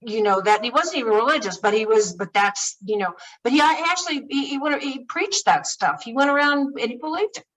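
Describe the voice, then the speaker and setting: A woman running for office answers interview questions earnestly, often pausing and restarting. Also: a little high, lively intonation, a bit bright, far from the mic, rough recording. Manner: earnest, halting, with many fillers and restarts. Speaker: political candidate guest.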